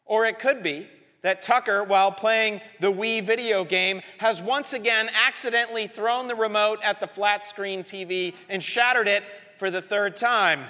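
A man preaching a sermon as pastor, telling a lively story. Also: high voice, normal speed. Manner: storytelling, animated. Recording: reverberant church hall.

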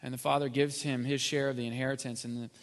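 A man preaching a sermon as pastor, rising to loud peaks and dropping to near whisper. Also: medium pitch, flat delivery, quick pace. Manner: builds from quiet to loud, then drops to near whisper. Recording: long hall reverb.

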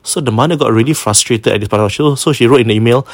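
Singaporean man, casual storyteller host, mid-pitched, dry close sound, drops in Malay words. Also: very fast, no echo. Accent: Singaporean English. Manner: casual, mixes in Malay words, acts out quotes. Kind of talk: retelling a listener's ghost story.

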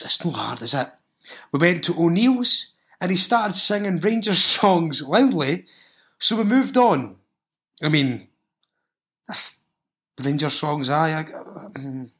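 A man with a Scottish accent, hosting a solo podcast and reading out listener stories, with frequent swearing, laughing asides and animated reactions. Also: sits high. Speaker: podcast host.

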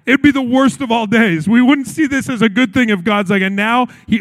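Man, pastor, high voice, earnest sermon, acts out the quotes. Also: expressive, normal speed. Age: adult, recalls his childhood.

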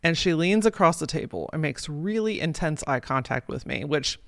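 A woman's voice: sits low, animated, moderate pace, creaky, fairly bright tone, dry recording. Swearing, emphatic woman coach, dry sound. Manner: casual, emphatic and sprinkled with swearing. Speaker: podcast host and life coach. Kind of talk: motivational podcast monologue.

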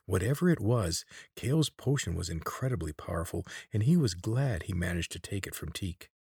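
Man, audiobook narrator, deep, husky, steady telling. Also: moderate pace, dry recording, clean studio sound.

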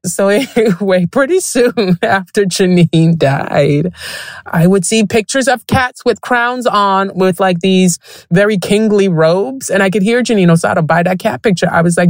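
A woman's voice: fairly low pitch, normal speed, a little mellow, no room sound, clean studio sound. A woman hosting a podcast, telling stories in a frank, profane, casual way and laughing often. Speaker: podcast host. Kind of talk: casual storytelling monologue.

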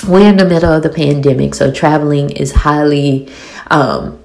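A woman in her forties with a thick Louisiana accent, giving a blunt, animated, swearing recap of a TV episode full of rhetorical questions. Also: low voice, normal speed, gravelly. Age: 40s. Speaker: TV show reviewer. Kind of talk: casual episode recap and commentary.

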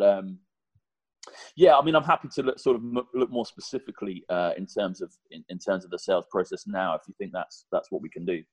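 Fast-talking husky man. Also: mid-range voice, no echo, low-quality recording. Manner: animated, chatty, swears mildly. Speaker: guest, personal trainer. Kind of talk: podcast conversation.

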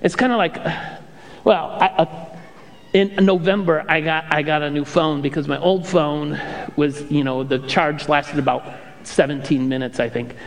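A male pastor preaching a sermon with animated storytelling and playful impressions. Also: a little high, normal speed, long reverb tail.

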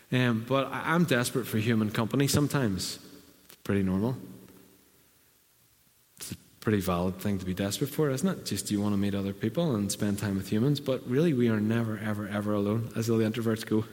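A man's voice: mid-range voice, brisk. A middle-aged man preaching a conversational sermon in a church, now and then acting out quotes in a raised voice. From Northern Ireland. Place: church hall. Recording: reverberant church hall.

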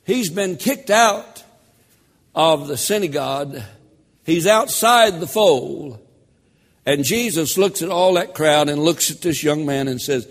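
A man preaching a sermon as pastor, slow and emphatic with dramatic pauses and rising emphasis. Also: a little high, lively intonation. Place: church sanctuary. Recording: echoey church hall.

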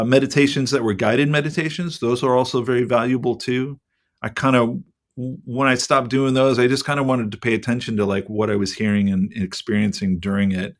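A middle-aged man in casual podcast chat, rambling and candid, with lots of "like" and the odd swear word. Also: mid-range voice. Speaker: podcast co-host.

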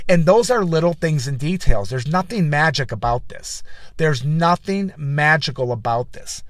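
A man's voice: on the high side, moderate pace, no room sound. A man hosting a motivational podcast, telling business stories in a rambling, folksy way with many restarts and repeated words. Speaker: motivational speaker and podcast host. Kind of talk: casual motivational talk.

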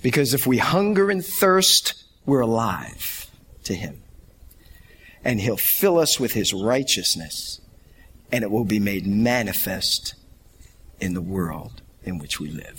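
A man's voice: on the low side, very animated, slow, a bit bright, slight background noise. A middle-aged man preaching a sermon, telling stories animatedly and laughing along. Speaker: pastor.

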